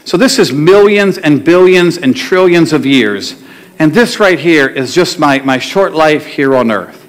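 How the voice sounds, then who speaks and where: Male pastor, fairly high voice, chatty sermon delivery with questions to the congregation. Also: expressive, measured pace. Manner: conversational, asks the congregation questions and tells jokes. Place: church sanctuary before a congregation.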